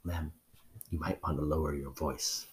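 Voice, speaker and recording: A man's voice: low-pitched, expressive, measured pace, a little hiss or hum. A man voicing a discreet, deferential butler who murmurs formally and hesitantly. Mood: hushed.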